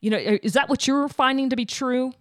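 A woman's voice: sits high, fast talker, no echo, clean studio sound. A woman hosting a podcast, asking her guest questions in a curious way. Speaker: podcast host. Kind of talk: interview.

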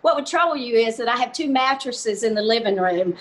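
A woman's voice: fairly high pitch, expressive, brisk. An older woman with a Southern American accent, a comedian guest telling folksy stories and laughing often in a casual interview over a video call. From Southern US, Georgia.

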